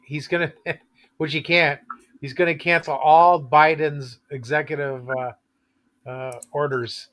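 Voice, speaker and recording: Canadian guy chatting casually, kinda high voice, laughs a lot, restarts sentences. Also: a bit bright. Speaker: chat participant. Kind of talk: casual chat.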